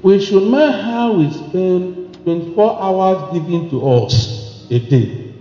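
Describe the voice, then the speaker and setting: High-voiced, animated male preacher, repetitive and emphatic; lo-fi, echoey hall sound. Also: slow. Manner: emphatic, repeats phrases, swings from soft to shouting. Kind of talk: sermon. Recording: echoey lo-fi hall recording with faint music.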